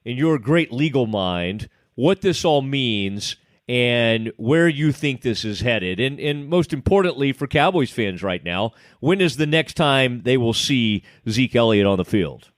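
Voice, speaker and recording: A man's voice: mid-range voice, animated, measured pace, dry recording, studio quality. A middle-aged man with an East Texan accent, co-hosting a sports podcast in a jokey, enthusiastic way. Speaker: podcast co-host. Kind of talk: casual sports podcast chat and host-read ad.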